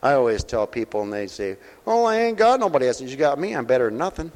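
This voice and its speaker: A man preaching a sermon at a mission, folksy and direct, asking his listeners questions, his voice swinging between loud preaching and soft, close talk. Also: mid-range voice, very animated, fast talker, in a large hall. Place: mission hall.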